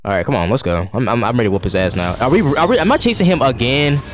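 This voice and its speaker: A man narrating his gameplay in a steady mid-range voice that jumps up and down a lot, swearing and griping as he goes. His commentary is loose and exasperated, with faint game music under it. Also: medium pitch, fast. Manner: profane, exasperated running commentary. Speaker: gaming streamer.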